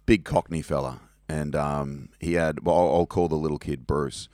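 A man's voice: a bass voice, fairly even intonation, a little mellow, no room sound, clean studio sound. A man, a teacher and podcast co-host, chatting casually and telling stories with enthusiasm. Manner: chatty, quick to react, enthusiastic storyteller. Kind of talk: casual chat.

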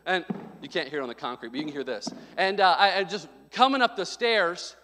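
A male pastor preaching a sermon, telling a story with loud bursts and sudden drops to quiet. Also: high-pitched, lively intonation, fast talker. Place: church sanctuary. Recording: long hall reverb.

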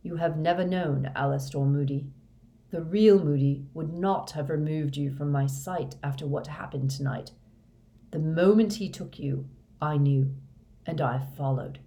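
A woman voicing an ancient male wizard headmaster who speaks in a measured, curt, authoritative way. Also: deep voice, creaky, warm tone. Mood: cold command.

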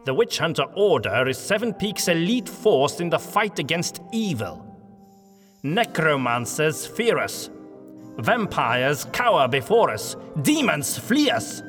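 A man acts out a stiff, elitist witch hunter with a crisp RP accent and a harsh edge. His voice swings widely for emphasis. It sits in a long, hall-like reverb. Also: on the high side, big pitch swings, a little slow, a bit bright, soft background music, pitched above the performer's own voice. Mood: haughty. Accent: RP English. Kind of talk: audio drama acting.

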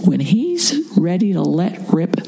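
A woman's voice: fairly low pitch, lively intonation, a little slow, warm tone. A woman putting on an odd accent to voice a man named Dan, reading a sex guide aloud. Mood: instructive. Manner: reads in a put-on odd accent.

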